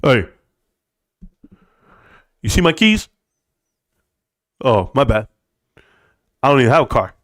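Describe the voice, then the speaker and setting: A middle-aged man hosting a casual livestream, joking, laughing and swearing, then settling into a quieter tone to tell personal stories. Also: medium pitch, sing-song, slow pace, long pauses. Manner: goofy, laughing, swearing, bursts of put-on voices. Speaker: livestream host.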